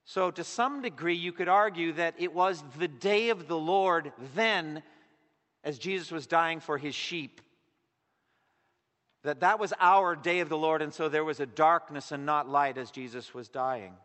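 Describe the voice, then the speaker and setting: A man preaching a sermon in an earnest way, his voice swelling loud on key words and then dropping to a hush. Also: fairly high pitch, a little slow. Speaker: pastor. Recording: long echo of a large hall.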